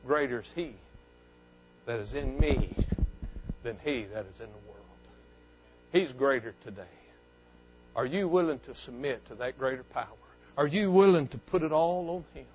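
A male pastor preaching a sermon, fervent and swinging between loud and soft. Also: mid-range voice, moderate pace, long pauses, faint music behind. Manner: fervent preaching that rises and falls. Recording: dull lo-fi sound.

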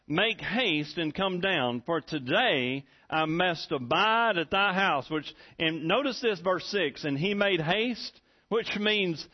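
A middle-aged man delivers a folksy church sermon from the pulpit. His voice sits on the higher side, and he climbs into loud, excited preaching. The recording is dull and lo-fi. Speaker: pastor.

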